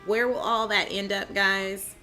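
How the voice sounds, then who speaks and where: A woman hosting a casual TV recap, excitable and chatty, calling out to her co-host and viewers with lots of "like", "man" and "dude". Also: mid-range voice, measured pace, faint music behind. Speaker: TV show reviewer, channel host.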